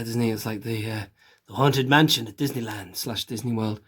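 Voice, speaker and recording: Male host, chatty collector vlog, mid-pitched, rambling with lots of asides. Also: normal speed, slightly rough. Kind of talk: casual toy review vlog.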